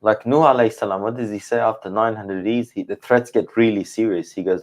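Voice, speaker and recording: Male Quran teacher, lowish voice, musing and self-correcting in a study discussion. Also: fairly even intonation, a little fast, a little mellow. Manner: thinking aloud, hedging and self-correcting.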